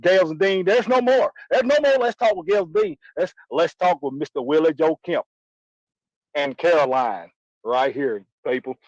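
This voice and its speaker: A man's voice: a little high, moderate pace, a little mellow, no echo, natural voice. A man putting on a boastful, rowdy backwoods moonshiner character, talking in a brash, rambling, hollering way for a comedy sketch. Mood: boisterous. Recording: dull lo-fi dry sound.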